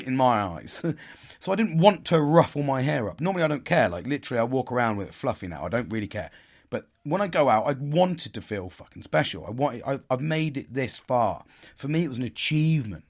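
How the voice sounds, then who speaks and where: A man telling a story in a casual, animated way. He swears a lot and laughs at himself. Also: mid-range voice. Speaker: podcast host.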